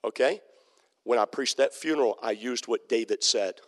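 A man's voice: mid-range voice, normal speed. A male pastor preaching a sermon in an emphatic, repetitive way, often checking in with the congregation. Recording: long hall reverb.

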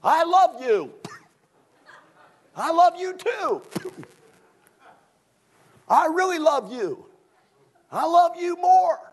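A man putting on the voices of a sappy couple trading endearments in a sugary, drawn-out, mocking way. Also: very high-pitched, sing-song, pitched above the performer's own voice, heavily acted. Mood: syrupy. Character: sappy lovey-dovey couple, adults.

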